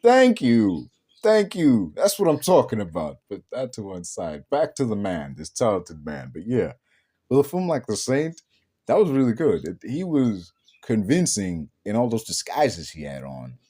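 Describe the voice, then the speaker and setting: Guy rambling about movies, lowish mellow voice, lots of likes and ums. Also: big pitch swings, normal speed, breathy edge. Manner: rambling, many fillers and restarts. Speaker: podcast host. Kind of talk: casual film talk.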